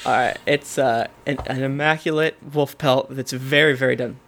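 A man voicing a gruff small-town constable with a put-on Southern US drawl and folksy country slang. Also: mid-range voice, steady tone, moderate pace, a bit bright, a little hiss or hum.

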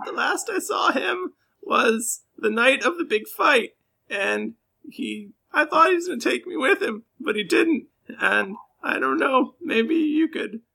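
A man doing a shrill, panicky half-orc woman. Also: lively intonation, takes it slowly, gravelly, pushed and bright, full character voice, rough recording. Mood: tearful.

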